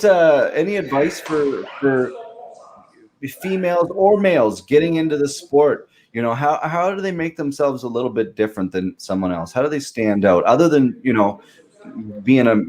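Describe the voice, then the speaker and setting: Upbeat fast-talking male podcast host. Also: mid-range voice, darkish tone. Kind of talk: casual interview chat.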